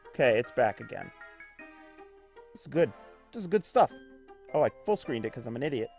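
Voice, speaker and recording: Animated joking male streamer. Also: mid-range voice, a little fast, gravelly, pauses often, faint music behind. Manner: joking, self-deprecating. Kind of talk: live let's-play commentary.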